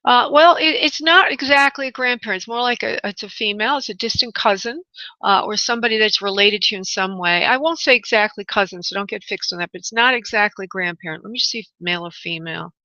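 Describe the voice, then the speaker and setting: A woman hosting a call-in radio show as a spirit medium. She talks in a halting, searching way with many restarts and calls her callers honey and love. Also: mid-range voice, pushed and bright, no room sound, muffled recording.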